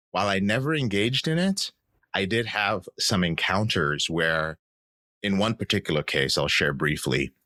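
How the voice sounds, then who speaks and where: A man's voice: sits low, pushed and bright, no echo. A man in his thirties, a podcast guest, telling his personal story in an earnest, reflective way. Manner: earnest, reflective, acts out quoted voices.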